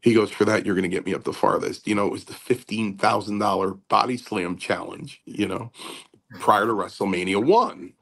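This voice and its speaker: An older man, a host and former wrestler, talking in a halting, rambling casual way with many fillers and repeats. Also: on the low side, steady tone, gravelly, a bit bright.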